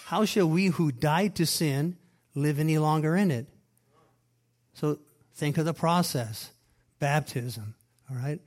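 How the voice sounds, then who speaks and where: A man preaching a sermon, reading scripture aloud and explaining it with emphatic repeated phrases, loud stresses and quiet asides. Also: a little high, slow, pauses often. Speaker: pastor.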